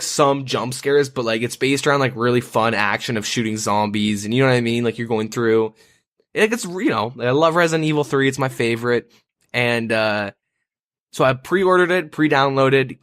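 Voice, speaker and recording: A man's voice: mid-range voice, animated, moderate pace, fairly bright tone, dry recording, studio quality. A man co-hosting a podcast, telling a story in casual banter, profane and rambling with lots of fillers. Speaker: podcast co-host.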